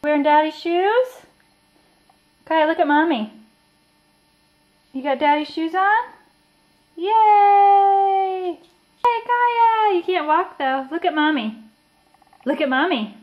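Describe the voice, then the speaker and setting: A woman's voice: high voice, a little slow, long pauses, muffled recording. A woman talking to her toddler in a home video, with playful, sing-song, coaxing baby talk. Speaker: mother filming her toddler.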